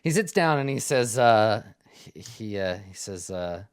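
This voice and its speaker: A man narrating a tabletop game as game master in a relaxed storytelling manner. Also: lowish voice, a little slow, clean tone.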